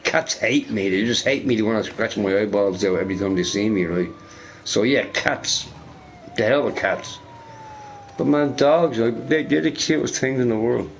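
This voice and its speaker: A man's voice: fairly low pitch, normal speed, slight background noise. A man chatting casually while playing a game, rambling and laughing, with lots of "you know" and "right". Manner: rambling, laughing, fond of filler words. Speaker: gamer.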